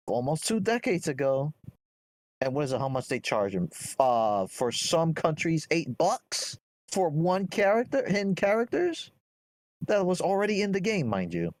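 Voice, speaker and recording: Animated man ranting on a podcast. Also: on the high side, normal speed. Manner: animated ranting, builds up points. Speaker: podcast co-host. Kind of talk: casual podcast chat.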